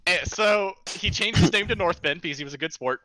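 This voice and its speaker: A man's voice: high voice, brisk, over a noisy crowd, low-quality recording. A man leading a casual voice chat during a game, telling a long story in a ranting, storytelling way. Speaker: streamer and unit leader.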